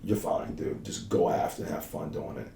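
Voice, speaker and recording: A man in his thirties, a strength and conditioning coach, chatting on a podcast and acting out bits of dialogue as he tells stories. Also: normal speed. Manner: animated storyteller who acts out dialogue. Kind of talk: casual podcast conversation. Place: office. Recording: echoey office, mic at a distance.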